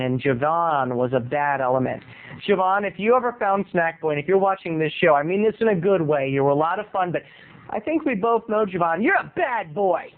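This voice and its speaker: Campy high-voiced man telling a story. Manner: theatrical, campy, mock-solemn. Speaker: video blogger. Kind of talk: comedic storytelling monologue. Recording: tinny lo-fi sound.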